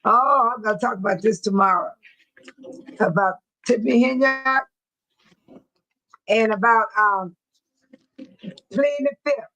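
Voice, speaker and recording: A woman's voice: on the high side, bright, forceful tone, poor audio. A woman hosting a casual livestream, chatting with viewers, repeating herself and laughing often. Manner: repetitive, chatty, quick to laugh. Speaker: livestream host. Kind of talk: casual live chat with viewers.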